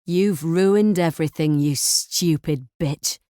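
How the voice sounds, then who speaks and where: A woman's voice: deep voice, slow, dark tone, no echo, studio quality. A woman voicing a desperate, violent middle-aged man who snarls threats in a crime audiobook. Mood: menacing. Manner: snarling, bullying.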